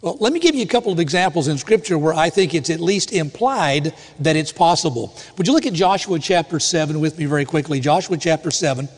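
A man preaching a sermon with a somewhat high voice. He reads scripture in a measured, deliberate cadence, and the sound carries a long hall reverb. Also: animated. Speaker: pastor.

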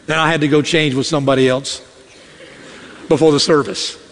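High-voiced preacher in a reverberant hall. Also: male voice, fairly quick, a little hiss or hum. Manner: animated preaching, acting out quoted voices. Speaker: pastor. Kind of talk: sermon. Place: church sanctuary. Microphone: podium or stage mic.

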